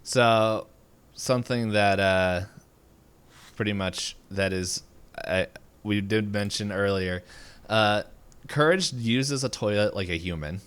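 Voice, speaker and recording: A man's voice: on the low side, slow, pauses often, fairly bright tone, smooth. A young man co-hosting a podcast in casual chat, rambling with many fillers and restarts. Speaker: podcast co-host.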